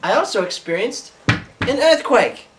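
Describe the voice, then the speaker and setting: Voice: medium pitch, sing-song, unhurried. Performer playing a rambling old-time naturalist. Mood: earnest. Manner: rambling recital, slipping into a mock Australian twang. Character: earnest rambling male Victorian naturalist. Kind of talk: amateur comedy skit. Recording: distant home video, faint hiss.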